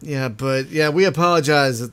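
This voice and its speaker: A man's voice: fairly high pitch, normal speed, a bit bright, smooth. A man hosting a podcast in casual chat, talking freely and laughing often over an online voice call. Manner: chatty, laughs often, apologetic. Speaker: podcast host.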